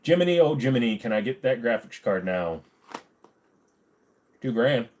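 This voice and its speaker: A man hosts a casual livestream in a mid-range, sing-song voice that's a little mellow, speaking at normal speed. He reads viewer comments aloud and fires back blunt, sarcastic answers, swearing freely.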